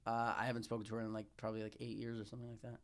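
A man's voice: fairly low pitch, completely flat delivery, racing. A man in his thirties, a podcast guest, rambling through casual chat with lots of fillers and swearing. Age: 30s. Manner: rambling, full of fillers and swearing, breaks into impressions.

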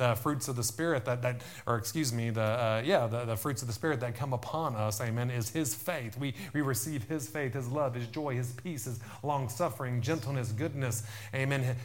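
A man preaching a fervent sermon, repeating himself and calling out amen and church. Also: medium pitch. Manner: fervent, repetitive preaching with many amens.

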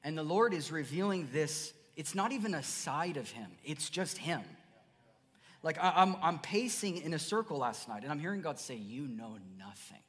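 A man preaching a sermon as pastor, earnest, dropping to soft murmurs then rising to emphatic bursts. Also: fairly high pitch, lively intonation, normal speed. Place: church sanctuary. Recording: church hall reverb.

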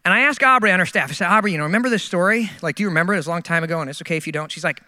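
Middle-aged male pastor, high bright voice, storytelling sermon, reverberant hall. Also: racing. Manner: storytelling, self-mocking, animated.

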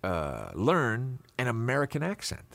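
A man's voice: mid-range voice, measured pace, gravelly. A man co-hosting a podcast, telling a story casually and with energy on a studio mic. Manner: animated storytelling. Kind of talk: casual chat.

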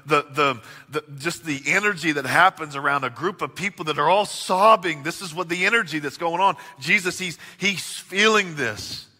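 A man's voice: on the high side, sharp tone, in a large hall. A man preaching a sermon as pastor, earnest, swelling and dropping his volume.

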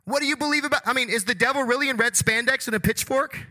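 A male pastor with a high, bright voice, preaching in a church. He delivers the sermon with energetic, conversational flair and keeps throwing rhetorical questions at the congregation. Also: fast. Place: church sanctuary.

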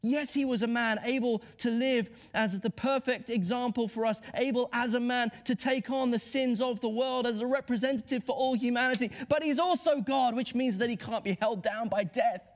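A man delivers a Good Friday sermon in a notably high voice. He preaches with impassioned, rhetorical drive, sinking to hushed lows before climbing to emphatic peaks. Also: normal speed, few pauses.

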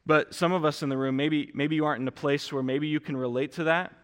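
Speaking quickly in a steady, slightly high voice, a man preaches to his congregation from a church sanctuary where the sound fills a big room. As their pastor, he talks earnestly and directly, restarting sentences again and again.

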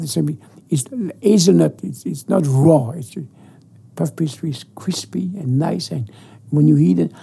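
An older man with a thick French accent talks in an animated, enthusiastic way, often repeating his words. His voice is very gravelly, dark and husky, and his pitch swings widely. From France. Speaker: guest chef. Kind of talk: casual interview.

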